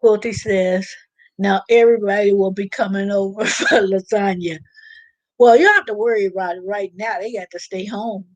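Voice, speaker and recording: A woman at an ordinary middle pitch talks casually through a live stream. She rambles, circles back on herself and laughs often. Her voice sounds close and dry. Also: fairly even intonation, moderate pace, dry recording, poor audio. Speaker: live stream host reading viewer chat. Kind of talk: casual live-chat talk.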